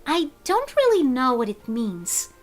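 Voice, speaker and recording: A woman voicing a gentle, kind young female echidna girl in a soft, higher voice. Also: huge pitch swings, a little slow, faint music behind, full character voice.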